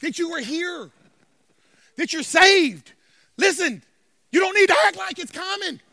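A man's voice: very high-pitched, lively intonation, unhurried, creaky, bright, forceful tone, dry recording. A man preaching a sermon as pastor, emphatic, calling out for amens from the congregation. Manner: emphatic, call-and-response.

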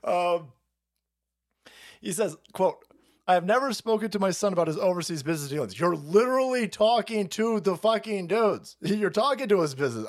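A man's voice: high voice, expressive, normal speed. A man hosting a livestream, reacting to clips with crude, mocking commentary and frequent laughter. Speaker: streamer host.

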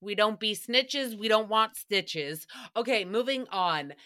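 Bright, gossipy young woman podcaster. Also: medium pitch, slow pace. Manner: animated, gossipy, laughs often, swears freely. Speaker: podcast host. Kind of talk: casual chat recap.

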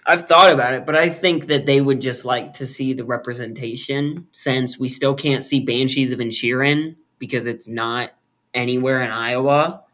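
A man's voice: mid-range voice, steady tone, normal speed, fairly bright tone. A man co-hosting a film podcast in casual chat, playful and joking with frequent laughter. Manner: playful, jokey, laughs often. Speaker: podcast co-host.

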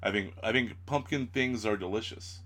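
A man's voice: fairly low pitch, normal speed, pushed and bright. A man co-hosting a casual chat, easygoing and teasing, laughing often. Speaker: co-host.

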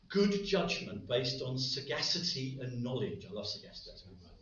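In a large, echoey church hall, a man preaches a light-hearted sermon sprinkled with joking asides. His medium-pitched voice is very animated and fairly bright, at a moderate pace. The recording sounds very echoey, distant, and dull.

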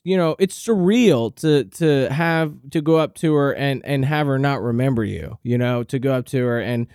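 A man hosting a podcast, telling a comic story in a profane, rambling monologue with deadpan exaggeration. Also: mid-range voice, smooth, dry recording, studio quality. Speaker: podcast host.

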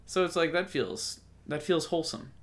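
A man's voice: a little high, lively intonation, moderate pace. A man co-hosting a podcast, talking in a casual, rambling way, joking and breaking off mid-sentence. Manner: rambling, self-interrupting, jokey. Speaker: podcast co-host. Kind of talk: casual chat.

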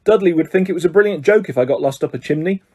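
A hesitant, nervous boy wizard, read by a man in an audiobook. Husky, unsure delivery. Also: fairly high pitch, animated, racing, dark tone. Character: nervous young schoolboy wizard.

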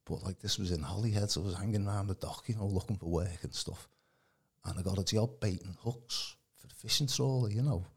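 A man's voice: low-pitched, brisk. A man, giving a rambling casual testimony as a podcast guest, full of colloquial fillers. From Birkenhead, England. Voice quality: gravelly, very husky.

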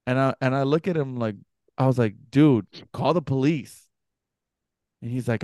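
A young man co-hosting a podcast, telling a story casually and acting out the other people's voices with big jumps in pitch. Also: normal speed, dry recording, studio quality. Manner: animated, acts out quoted voices with pitch jumps. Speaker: podcast co-host.

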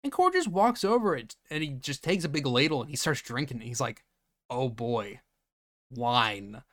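Animated male podcast host. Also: fairly high pitch, fast talker, no echo, clean studio sound. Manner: animated, acts out characters' lines. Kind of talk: casual movie-review chat.

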